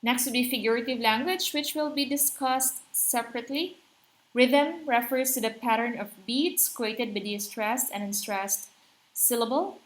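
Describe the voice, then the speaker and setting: A woman's voice: a little high, normal speed. A woman teaching a literature lesson, explaining terms and asking her listeners rhetorical questions. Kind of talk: literature lecture.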